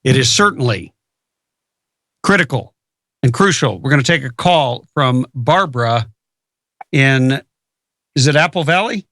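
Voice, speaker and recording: Emphatic bright-voiced male radio host. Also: medium pitch, animated, a little slow, long pauses, no room sound, studio quality. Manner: emphatic, repeats words for stress. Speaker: radio talk show host. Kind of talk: political talk radio.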